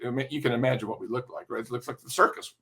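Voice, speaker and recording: An older man, a music industry veteran, telling animated, profane anecdotes in an interview and tagging his points with "right?". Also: mid-range voice, rapid-fire, a little hiss or hum. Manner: lively, profane, keeps checking in with "right?".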